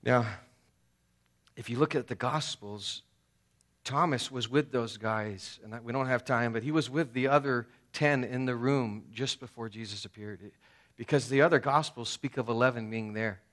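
A man's voice: mid-range voice, moderate pace, a bit bright. A man preaching a sermon at a church service, casual and conversational, dropping in slang as he talks. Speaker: pastor.

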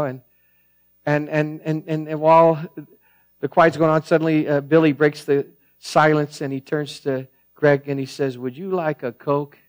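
A man preaching a sermon as pastor, earnest, repeating and restarting phrases, swinging between emphatic peaks and quiet, low passages.

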